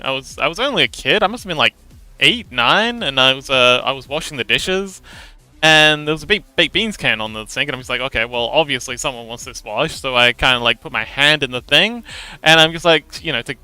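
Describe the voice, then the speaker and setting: A man's voice: medium pitch, sharp tone, smooth, dry recording. A male livestream host reading viewer messages aloud and chatting back in a playful, casual way. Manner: chatty and playful, laughs often between remarks.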